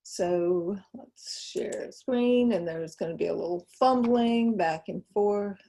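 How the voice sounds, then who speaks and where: A middle-aged woman giving a gentle, conversational presentation on a video call. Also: medium pitch, slow. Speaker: guest speaker. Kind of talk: online presentation.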